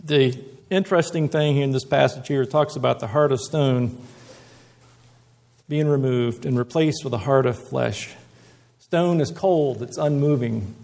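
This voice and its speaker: A man's voice: medium pitch, measured pace, creaky, a little mellow. A male preacher giving a conversational, earnest sermon and reading scripture aloud.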